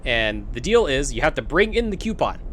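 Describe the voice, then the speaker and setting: A streamer rants in casual, profanity-laced chat while gaming. Their pitch swings widely as they tell the story, and a faint hiss sits under the voice. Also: big pitch swings, a little fast. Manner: talks to a pet mid-story. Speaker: streamer playing a video game.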